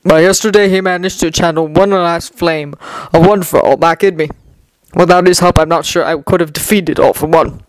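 A gentle, pensive grown male hero, read by a woman in her own lowish voice, speaking in a measured, thoughtful way. The recording is dry. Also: steady tone, dry recording, close to an everyday voice, low-quality recording.

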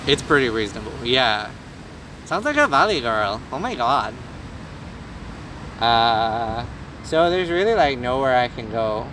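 Irish guy doing a hammy fake American voice, deeper than his own, loud traffic behind. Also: very animated, unhurried, far from the mic, poor audio. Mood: relaxed. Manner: exaggerated, playful. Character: Irishman faking a broad American accent. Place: outdoors on busy city streets. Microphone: handheld camera filming himself. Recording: street traffic noise behind.

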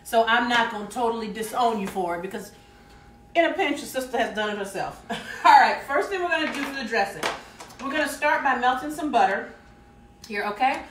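A woman's voice: a little high, brisk, slight background noise. Chatty Southern woman cooking live. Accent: Southern American. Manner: folksy, talks to viewers as y'all, reads comments aloud. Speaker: cooking show host. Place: home kitchen. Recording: roomy kitchen audio, mic set some distance away.

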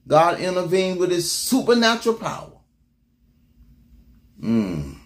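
A man preaching a motivational sermon, exhorting his congregation with call-and-response and repeated words, swinging between loud bursts and low murmurs. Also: huge pitch swings, takes it slowly.

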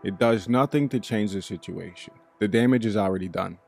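A man's voice: on the low side, a little fast, gravelly, darkish tone, breathy edge, soft background music. A man voicing a stern, curt older male support group leader with a New England accent, in a spoken bedtime story. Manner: curt, scolding.

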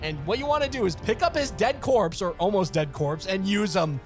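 A young man playing through a video game, chatting excitedly, laughing often and talking back to the game. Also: high voice, normal speed, over music. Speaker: gaming channel host. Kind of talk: let's play commentary.

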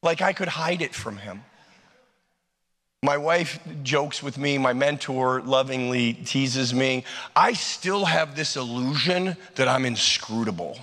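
A man's voice: mid-range voice, slow. Emphatic male preacher in an echoey hall. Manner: emphatic, storytelling with sudden loud and soft turns. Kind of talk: sermon. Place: large church hall.

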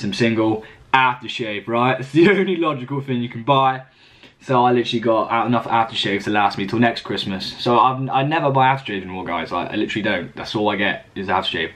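A man's voice: mid-range voice, lively intonation, fairly quick, fairly bright tone. A man in his twenties talking casually to camera in a vlog, rambling and self-mocking, swearing often. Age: 20s. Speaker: fitness vlogger.

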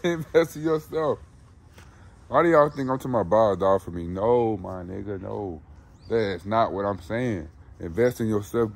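A man talking in a blunt, preachy, casual vlog style outdoors at a dog kennel, pressing his viewers again and again. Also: on the low side. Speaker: dog breeder and vlogger. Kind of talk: casual motivational vlog talk.

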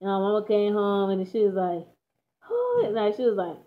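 A woman's voice: medium pitch, steady tone, fast talker. A teenage girl from Texas telling a story in casual, slangy chat, laughing as she goes. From Dallas, Texas. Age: teens. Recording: tinny phone-like audio.

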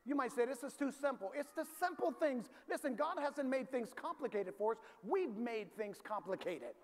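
A male pastor from the preaching a sermon in a large church, calling for responses and rising to shouts. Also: very high voice, animated, moderate pace. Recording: reverberant hall, faint ambience.

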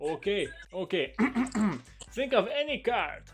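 A man's voice: high-pitched, big pitch swings, slow pace, soft background music, pitched above the performer's own voice, exaggerated voice. A man putting on a thick fake Russian accent with broken English, teasing strangers in a prank video chat. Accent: put-on Russian. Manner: teasing, mangled grammar, mock-serious.

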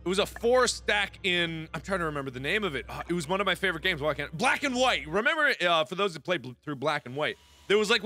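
A young man in his twenties narrates a horror game in casual, jokey let's play style. His voice is high and very bright, with lively swings in pitch, and he keeps up a steady stream of excitable remarks to himself. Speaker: gaming video host.

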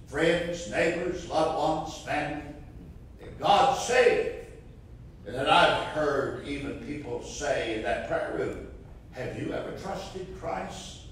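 Man preaching, slightly high voice, impassioned, distant reverberant church mic. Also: a little hiss or hum. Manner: fervent, rising to impassioned cries. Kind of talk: sermon. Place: church sanctuary. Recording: roomy echo from far off.

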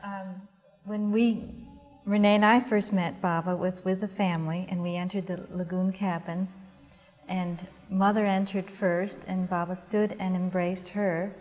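A woman's voice: fairly low pitch, little pitch movement, unhurried, a little mellow. A woman telling a heartfelt memory to a gathering, reflective and sincere. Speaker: family member recounting memories. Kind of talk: casual storytelling to a group. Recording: long hall reverb.

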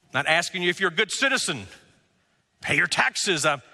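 A man preaching a sermon as pastor, emphatic, with rhetorical questions and drawn-out words. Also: high-pitched, very animated, sharp tone, in a large hall. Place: church sanctuary.

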